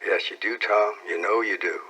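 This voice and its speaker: Storybook girl, timid and tender, hushed and hesitant; a man's husky read. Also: fairly even intonation, normal speed, rough recording. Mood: hurt. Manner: soft, hesitant, lifted pitch. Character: shy young schoolgirl, timid and tender.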